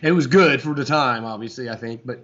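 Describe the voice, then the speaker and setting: A man's voice: medium pitch, brisk, crowd noise. Rambling man with a dull lo-fi sound. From Florida, USA. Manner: relaxed, rambling, lots of fillers. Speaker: guest guitarist. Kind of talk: casual interview chat.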